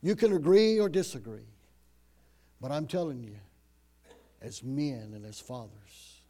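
A man preaching a sermon dramatically, rising to loud emphasis and dropping to hushed, low phrases. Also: sing-song, unhurried.

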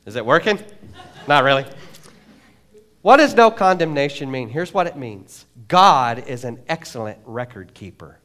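A man preaching a sermon in a church, animated and jokey, acting out quotes. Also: medium pitch. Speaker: pastor. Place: church sanctuary.

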